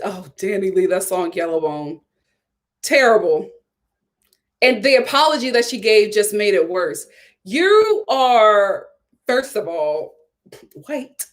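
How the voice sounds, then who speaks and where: American woman host, casual commentary, lively high voice. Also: a little slow, long pauses. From United States. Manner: chatty, reads viewer comments aloud; animated, storytelling.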